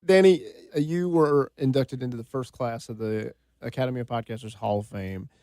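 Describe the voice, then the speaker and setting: A man's voice: mid-range voice, a little fast, warm tone, slight background noise. Easygoing man asking interview questions. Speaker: interview host.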